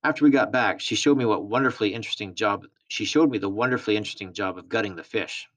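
A man reading a novel aloud in a steady, plain storytelling manner. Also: fairly low pitch, quick pace. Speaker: reader.

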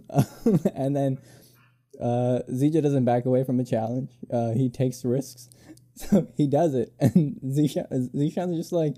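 Young man with a dark, mellow voice. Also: mid-range voice, slow. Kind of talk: casual chat.

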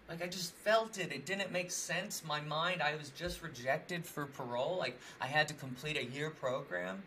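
A young man talks in a loose, rambling way, packing his sentences with fillers and often breaking into laughter. His voice is bright and forward, and a faint hiss of noise sits behind it. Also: a little high, normal speed, hardly any pauses. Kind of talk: casual chat.

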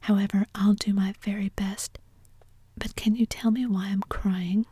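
An eager, emotional orphan girl pours out her pleas in a soft, breathy whisper, as a woman reads her in a whispered role-play. The hush is dark and close, with almost no room around it. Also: mid-range voice, level tone, moderate pace, dry recording. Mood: tearfully glad. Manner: imploring, gushing.

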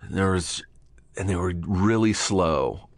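A man's voice: deep voice, measured pace, no room sound. A man hosting a podcast in a small studio room, chatting casually and telling stories, swearing freely and acting out the voices of people he quotes. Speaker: podcast host. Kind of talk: casual chat.

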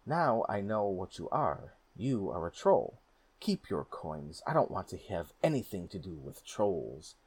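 A man voicing a blunt young rider, husky. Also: low voice, big pitch swings, measured pace, a little mellow, heavily acted. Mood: exasperated. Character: young man riding home, stubborn and impatient.

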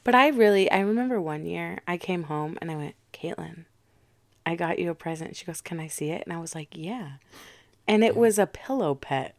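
Young woman podcast co-host, casual storyteller, animated quotes, dry close mic. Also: fairly low pitch, normal speed, no room sound. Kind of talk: casual chat.

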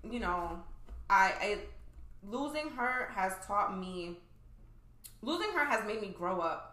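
A woman's voice: mid-range voice, sing-song, takes it slowly, pushed and bright, reverberant. A young woman guest chatting casually on a podcast, full of "like" and "you know" as she tells her story. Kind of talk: casual chat.

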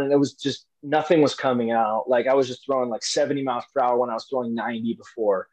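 Young guy rambling thru a story, lots of likes and ums, mid pitch. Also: steady tone, a little fast, low-quality recording. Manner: rambling, many fillers and restarts. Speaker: interview guest. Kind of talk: casual storytelling.

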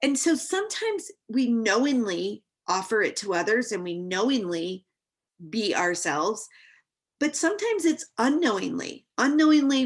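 A woman's voice: on the high side, slightly rough. A woman in her forties, a mother with teenage kids, talking through an earnest, rambling personal reflection, full of fillers and restarts.

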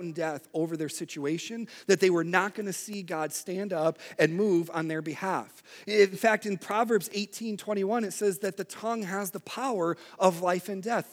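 Animated young male preacher. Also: high voice. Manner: conversational, animated with acted-out outbursts. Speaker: pastor. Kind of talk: sermon.

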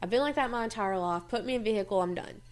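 A woman telling childhood stories in casual chat. She is animated, laughs often, swears freely and acts out what people said. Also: mid-range voice, fast talker. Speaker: host.

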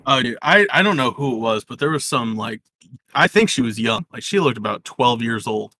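Young guy joking around, bright voice, jumps around in pitch a lot. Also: expressive, brisk. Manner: laughing, joking delivery. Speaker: podcast co-host. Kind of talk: casual chat.

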